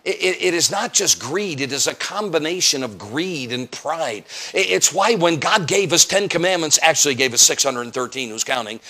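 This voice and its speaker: A man's voice: on the high side, animated, normal speed, hardly any pauses, slightly rough. An American man, an evangelist preaching an emphatic sermon in church, firing off rhetorical questions and acting out quotes. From United States. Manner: emphatic, rhetorical questions, acts out quotes, sometimes raises voice to a shout. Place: church, evening service.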